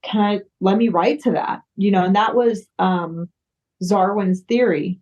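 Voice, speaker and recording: A woman's voice: medium pitch, unhurried, a little mellow. A woman from the United States, a singer-songwriter, chatting casually as an interview guest, full of fillers and restarts. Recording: dull lo-fi sound.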